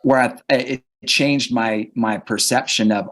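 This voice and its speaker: A man's voice: lowish voice, a little slow, fairly bright tone. A man speaking as a guest on a leadership podcast, earnest and reflective, often restarting his sentences. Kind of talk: conversational interview.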